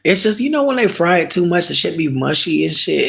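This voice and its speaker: A man chatting casually with viewers, ranting in an animated, emphatic, comic way and often stretching words slowly for effect. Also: on the high side, creaky. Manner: profane, drawn-out slow emphasis. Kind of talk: casual chat.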